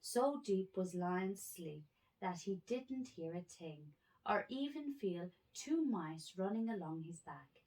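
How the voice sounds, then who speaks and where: A woman reading children's animal stories aloud at bedtime, gentle with small slips. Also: lowish voice, animated, slow.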